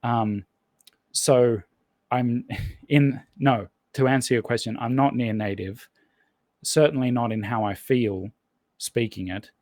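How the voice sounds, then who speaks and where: A man's voice: mid-range voice, fairly even intonation, takes it slowly, a little mellow, dry recording. A man as a podcast guest in casual conversation, rambling and thinking aloud with lots of restarts. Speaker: podcast guest, language learner.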